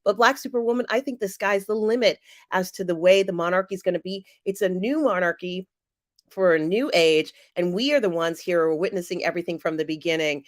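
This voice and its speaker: A woman hosting a live stream, reading viewer comments aloud and answering them in a chatty way with many pauses and fillers. She sounds teary and emotional. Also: on the low side, dry recording, studio quality. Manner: warm, chatty, often pausing with fillers. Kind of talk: casual live-chat commentary.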